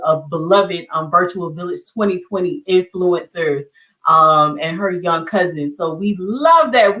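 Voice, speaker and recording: A middle-aged woman with a Southern US accent hosts an online teach-in, chatting to viewers in a warm, encouraging way. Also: medium pitch, recorded from a distance, low-quality recording. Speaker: online community show host. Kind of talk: casual livestream teaching.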